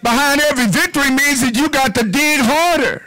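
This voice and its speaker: Male pastor, high bright voice, preaching with hushed repetitions. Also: brisk, rough recording. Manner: preaching with repetition, drops to a low hush on "whisper". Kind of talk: sermon.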